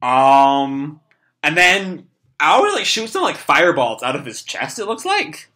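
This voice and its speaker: Hoarse young man rambling through a comic. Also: a little high, very animated, measured pace, pushed and bright. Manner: rambling, full of "like" and "uh". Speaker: comic reaction host. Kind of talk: casual live comic read-through.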